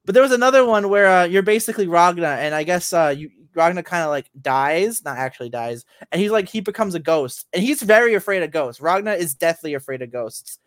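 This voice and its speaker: A man talks casually on a podcast, restarting his sentences and leaning on fillers as he goes. His voice sits a little high, and it is recorded dry and close with no room sound. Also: expressive, a little fast, few pauses, no room sound. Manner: rambling, many fillers and restarts. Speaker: podcast co-host. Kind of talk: casual chat about games and anime.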